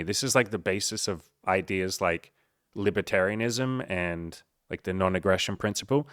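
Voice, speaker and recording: A man coaching straight to camera, his voice on the low side and recorded in a dry space. He speaks bluntly and emphatically, cursing freely as he pokes fun at self-doubt. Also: normal speed, a bit bright, dry recording. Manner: blunt and profane, heavy swearing; emphatic, mocks the listener's inner voice. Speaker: life coach. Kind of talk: motivational monologue.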